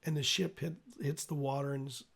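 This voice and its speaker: A man narrating as game master, describing scenes in a loose, halting way with restarts. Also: mid-range voice, flat delivery, creaky, a bit bright, slightly rough.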